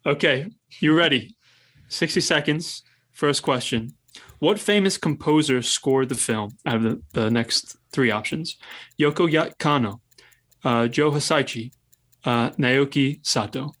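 A man running a casual podcast quiz, reading out multiple-choice questions with pauses and ums. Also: medium pitch, a bit bright. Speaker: quiz host running the game.

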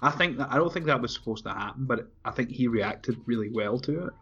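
A man's voice: medium pitch, fairly quick, slightly rough. A man casually talking over a movie in a podcast, swearing often and laughing as he retells scenes. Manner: profane, animated, laughs often. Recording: dull lo-fi audio with faint music.

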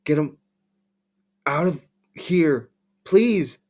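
A man's voice: mid-range voice, moderate pace, a bit bright, natural voice. A man voicing a frightened mother pleading for help in a raised, strained voice.

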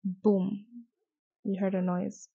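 A young woman from Nigeria speaking softly and hesitantly in a personal reflective monologue, recorded at home with the mic sometimes out of reach. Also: mid-range voice, level tone, slow pace, no echo. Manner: soft-spoken, hesitant, with restarts. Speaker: podcast host. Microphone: distance varies, mic briefly out of reach. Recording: dull, muffled home recording.

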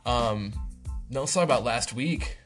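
A man's voice: medium pitch, a little slow, soft background music. A man who wrestles for a living, a podcast guest chatting casually in a laid-back way with short replies. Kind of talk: casual chat.

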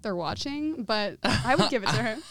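Giggly young woman, slightly higher voice. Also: expressive, fairly bright tone, slight background noise. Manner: giggly, quick interjections. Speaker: podcast guest. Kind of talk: casual chat.

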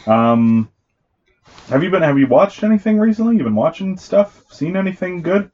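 A man's voice: sits high, big pitch swings, normal speed, darkish tone. Man, podcast co-host, casual chat, rambling, self-interrupting, slightly muffled recording.

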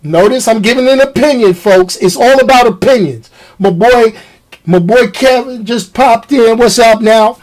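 A man's voice: very high-pitched, normal speed, rough recording. A man hosting his own podcast, ranting casually to his listeners and tossing in slang. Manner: animated, talks to the audience with slang. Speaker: podcast host.

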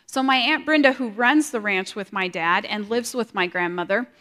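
A woman sharing a personal testimony in a large hall, earnest and halting, often repeating her words. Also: medium pitch, sharp tone. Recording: long hall reverb.

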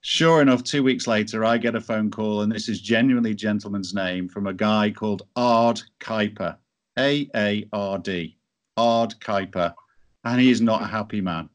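A man's voice: fairly low pitch, moderate pace. A man telling a business story as an interview guest, in a chatty way with many restarts. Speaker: entrepreneur guest.

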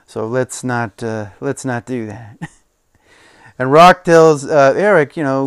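A man's voice: mid-range voice, steady tone, takes it slowly, smooth, dry recording. A man hosting a casual solo podcast, retelling a story with frequent chuckles. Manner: chuckling, retelling with quoted impressions. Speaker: podcast host.

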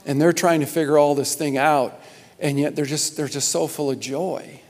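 A male pastor addressing his church with fervent, halting energy, stumbling over repeated words before building to loud, emphatic peaks. His voice sits a little high for a man and rings with the long reverb of a large sanctuary. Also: steady tone. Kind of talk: sermon announcements to a congregation.

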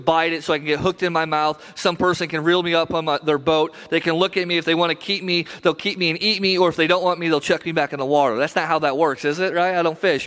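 A man's voice: fairly high pitch, a bit bright, poor audio. A man preaching a sermon in a casual, conversational way, repeating phrases for emphasis and often asking "right?" to check in with listeners. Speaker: pastor.

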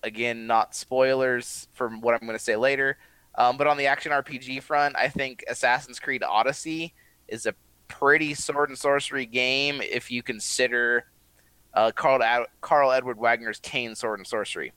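Bright, smooth-voiced podcast man. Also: mid-range voice, steady tone, no echo, poor audio. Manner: measured, opinionated. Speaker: podcast co-host. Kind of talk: casual chat.

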